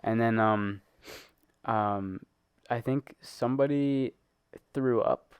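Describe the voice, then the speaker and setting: A man's voice: medium pitch, slow pace, clear, resonant tone, dry recording. A teenage boy co-hosting a podcast, telling a long story in casual chat, rambling with lots of fillers and laughing as he goes. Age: teens. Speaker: podcast co-host.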